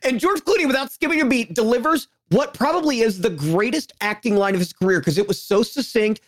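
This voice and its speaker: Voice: mid-range voice, a little fast. A speaker in casual conversation, enthusing about films in a rambling, emphatic way and swearing for emphasis. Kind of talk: casual movie chat.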